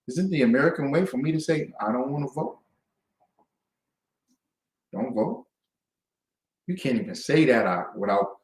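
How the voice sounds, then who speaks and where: A man hosting a talk show, ranting with passion and swinging from low muttering to outbursts of shouting. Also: echoey room, low-quality recording. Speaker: host. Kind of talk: impassioned talk-show rant.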